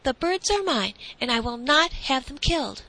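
A woman's voice: fairly high pitch, animated, normal speed, sharp tone, pitched above the performer's own voice, low-quality recording. A woman voicing an earnest, determined young boy in a storybook reading. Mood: insistent. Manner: bold, pleading.

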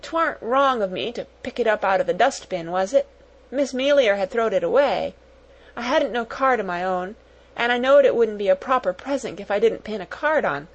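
A woman's voice: on the high side, animated, moderate pace, muffled recording. A woman voicing a shy, eager young servant girl, speaking in timid, broken, dialect-heavy phrases in an audiobook. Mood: timid, grateful. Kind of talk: audiobook character voice.

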